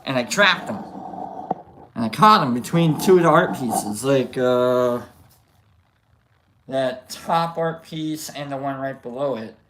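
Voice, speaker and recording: A man hosting a livestream, telling a story casually to his chat in an animated, rambling way with restarts. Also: mid-range voice, slow, pauses often, a little hiss or hum. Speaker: livestream host.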